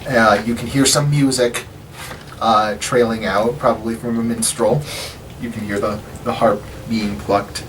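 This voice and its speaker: A man's voice: on the low side, steady tone, unhurried, fairly bright tone. A man running a tabletop game as dungeon master, narrating loosely with many fillers. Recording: distant mic with background hiss.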